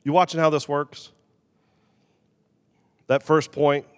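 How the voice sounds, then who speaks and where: A man preaching a sermon as pastor, animated, swinging between loud emphasis and quiet, confessional asides. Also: a little high, slow pace, pauses often, clear, resonant tone, long reverb tail.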